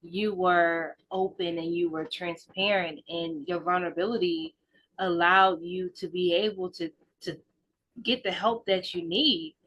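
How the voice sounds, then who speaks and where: A woman hosting an interview, affirming her guest and asking gentle questions. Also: fairly low pitch, fairly even intonation, a little slow, slightly rough. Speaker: podcast host. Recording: dull lo-fi audio.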